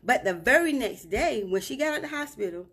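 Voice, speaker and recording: A woman's voice: a little high, expressive, brisk, fairly bright tone, breathy edge. A grieving mother live streaming from a hotel room, retelling events emotionally and often checking in with "right?".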